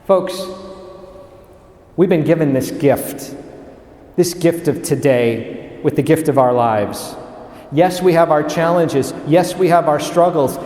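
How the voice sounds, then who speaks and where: Emphatic priest preaching in an echoing cathedral. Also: male voice, high-pitched, mellow. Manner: emphatic, listing words in repeated series. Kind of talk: sermon. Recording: echoey cathedral with long reverb.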